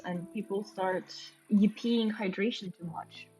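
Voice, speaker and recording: Heard through dull, lo-fi stream audio with faint music underneath, this woman from Romania streams a game and chats casually, thinking aloud and letting out delighted gasps. She has a mid-range voice at a normal speed.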